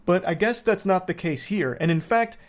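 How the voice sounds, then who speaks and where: A man delivering measured video commentary in a steady, deadpan way. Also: high voice.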